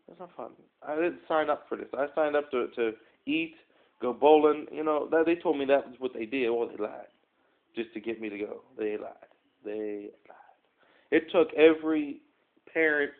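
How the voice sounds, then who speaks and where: A man with a gravelly, creaky voice rambles through a self-deprecating story straight into his phone, padding it with fillers and asides. The sound is thin and tinny, like phone audio. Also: mid-range voice. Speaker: vlogger. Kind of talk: casual storytelling to a phone camera. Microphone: phone front camera.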